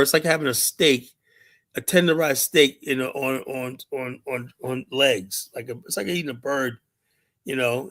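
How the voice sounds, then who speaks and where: A man's voice: mid-range voice, fairly bright tone. A man hosting a live stream, rambling in casual chat and telling stories full of fillers. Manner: rambling, storytelling, lots of fillers like "and whatnot". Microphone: streaming mic.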